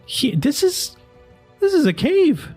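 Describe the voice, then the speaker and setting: A man voicing a wary, grumbling human father, halting and exasperated. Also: mid-range voice, lively intonation, a little mellow, soft background music. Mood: alarmed.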